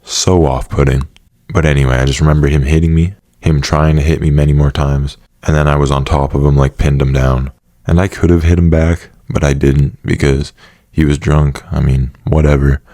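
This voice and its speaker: A man's voice: very deep voice, flat delivery, normal speed, mellow, dry recording, clean studio sound. A young man casually telling a personal story, swearing often and laughing now and then. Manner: casual, profane, laughing asides.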